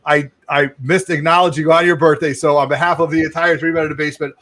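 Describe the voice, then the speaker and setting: Upbeat man giving shout-outs. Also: fairly high pitch, little pitch movement, fast. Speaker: host. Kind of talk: casual chat.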